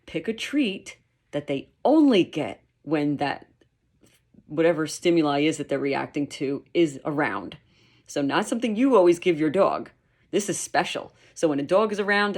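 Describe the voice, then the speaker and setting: A woman dog trainer explaining her methods in a lively, emphatic way, sometimes acting out quotes. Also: sits low. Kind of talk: instructional talk.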